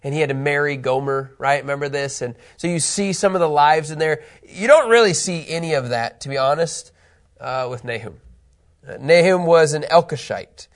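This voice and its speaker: Guy teaching a small bible class, kinda high voice, chatty, keeps asking the room stuff. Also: normal speed. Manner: chatty, asks the room questions, restarts phrases.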